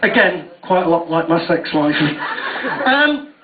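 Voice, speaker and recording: A man's voice: fairly high pitch, big pitch swings, a little slow. A young man doing a stand-up comedy routine on stage at a university, sweary and self-mocking about his own nerves. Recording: tinny, distant, echoey live recording.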